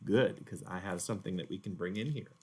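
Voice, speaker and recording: Casting: encouraging man leading a children's lesson, very low husky voice, lively. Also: a little fast. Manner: patient, encouraging, clearly spoken. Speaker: teacher and puppeteer.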